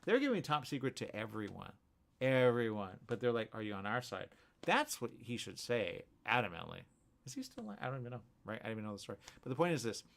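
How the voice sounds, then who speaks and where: Male radio host, casual monologue, very lively pitch, rambling, restarts and asides. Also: fast talker, creaky. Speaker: radio morning show host. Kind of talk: casual talk show monologue.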